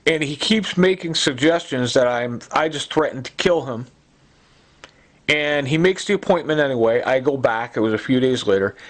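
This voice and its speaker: A man's voice: mid-range voice, animated. Agitated, sleep-deprived man rambling. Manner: agitated, repetitive, halting with many fillers. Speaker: vlogger. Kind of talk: rambling personal monologue.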